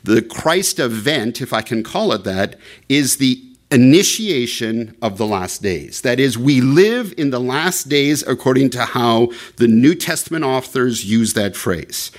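Male preacher, mid-pitched, explanatory, digressive teaching sermon. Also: lively intonation, a little slow, few pauses. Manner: explanatory, digressive, frequent fillers and restarts. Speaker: pastor. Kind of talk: expository sermon.

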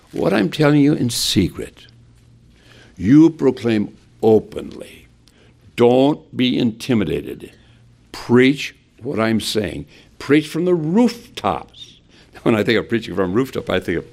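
A man's voice: on the low side, animated, unhurried, vocal fry, a little mellow. A man preaching an expository sermon, asking his listeners rhetorical questions as he works through a Bible passage.

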